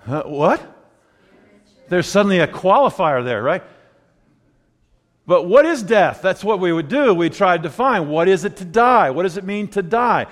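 A man preaching a sermon in a conversational way, asking rhetorical questions and swinging between loud and hushed delivery. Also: high voice, lively intonation, normal speed, long pauses, long reverb tail. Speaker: pastor.

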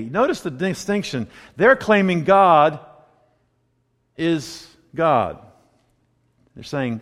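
A man preaching a sermon in a conversational way, asking rhetorical questions and swinging between loud and hushed delivery. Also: on the high side, very animated, takes it slowly, long pauses, long reverb tail. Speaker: pastor.

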